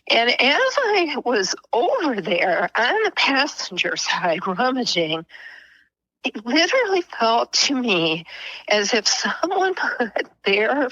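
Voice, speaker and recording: A middle-aged woman speaks with a bright, clear tone as a podcast guest. She unfolds an emotional personal story at an unhurried, deliberate pace. At tender moments her voice sinks to a whisper, and the sound stays close and dry. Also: medium pitch, no room sound, lo-fi sound. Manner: slow and earnest, dropping to a whisper at tender moments.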